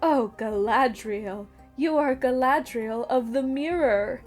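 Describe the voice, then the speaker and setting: A woman voicing a would-be suave male elf, speaking slowly in a mock-seductive way. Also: high-pitched, darkish tone, soft background music.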